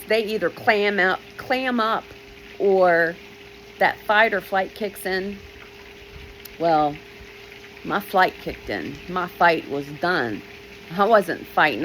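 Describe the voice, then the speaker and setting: A woman's voice: medium pitch, a bit bright, slight background noise, low-quality recording. A woman telling a personal story from her childhood in an emotional, vivid way, often repeating short phrases.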